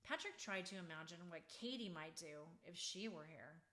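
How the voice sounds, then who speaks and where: In a fairly low voice, a female author takes her time reading her own children's story, bringing it to life with expressive, bedtime-story delivery.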